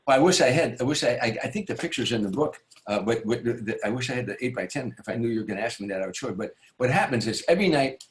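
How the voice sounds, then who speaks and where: A comedian racing through a show-business story with few pauses, his medium-pitched voice full of lively intonation. Guesting on an interview, he rambles with many restarts and asides and voices the people involved.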